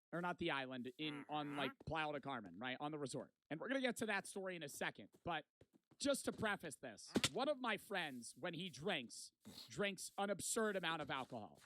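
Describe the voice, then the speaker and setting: A man's voice: a little high, expressive, brisk, bright, forceful tone, a little hiss or hum. A young man casually telling a long vacation story, rambling and swearing a lot and often tagging lines with "right?". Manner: rambling, profane, repeats "right?". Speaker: vlogger.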